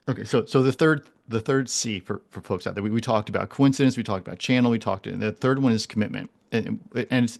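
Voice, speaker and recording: A man in his forties speaks with a low, gravelly voice. He talks casually and earnestly as a podcast guest, often stumbling and repeating himself as he works out his point. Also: a little mellow. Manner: earnest, many restarts and repeated words. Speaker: guest, animal communicator.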